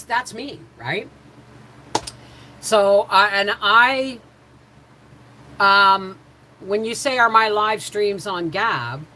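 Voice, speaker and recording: A woman's voice: on the low side, sharp tone, slight background noise, low-quality recording. A middle-aged woman hosting a home livestream, telling stories in a digressive, chatty way that jumps between subjects and circles back. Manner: chatty, frequent restarts, addresses viewers directly. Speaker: homestead livestream host. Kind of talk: rambling casual livestream storytelling.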